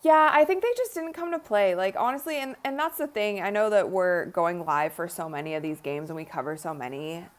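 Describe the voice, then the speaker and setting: A woman's voice: fairly low pitch, fairly quick, hardly any pauses. Young woman casually chatting thru a live watch party, kinda sleepy, lots of likes and honestlys. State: tired, yawning. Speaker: livestream host.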